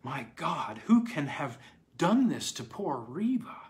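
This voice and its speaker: A man's voice: on the high side, big pitch swings, slow, a little mellow, pitched above the performer's own voice, exaggerated voice. A man reading aloud and voicing a shaken young lawyer who speaks in a tight, clipped voice. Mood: tense.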